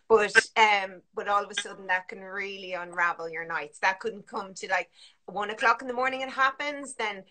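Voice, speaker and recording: A woman's voice: a little high, steady tone, moderate pace, bright, forceful tone. A woman, a sleep consultant chatting casually on a live video call, full of fillers and restarts. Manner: chatty, many restarts and fillers, acts out parents and children.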